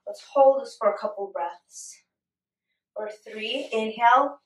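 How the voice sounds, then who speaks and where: Female yoga instructor, gentle encouraging cues, slightly high voice, recorded at a distance in an echoey home room. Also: unhurried. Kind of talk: guided yoga class with a toddler.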